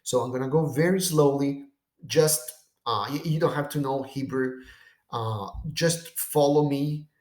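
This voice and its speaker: A man's voice: mid-range voice, unhurried, darkish tone, reverberant. A man teaching a language lesson. He explains step by step and keeps checking in with "okay?" and "right?". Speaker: teacher of biblical Greek. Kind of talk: lesson on screen text.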